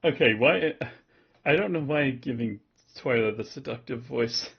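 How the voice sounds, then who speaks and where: A man's voice: mid-range voice, a little slow, gravelly, slightly rough, highs cut off. A man streaming himself reading a visual novel aloud, with laid-back joking asides. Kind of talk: casual stream narration.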